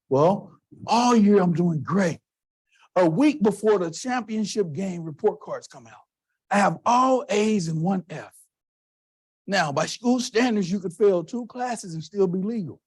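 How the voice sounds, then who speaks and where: A man from Texas giving a motivational keynote, telling stories in an emphatic, animated way. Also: high voice, unhurried, breathy edge. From Texas, USA. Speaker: keynote speaker. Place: conference hall stage.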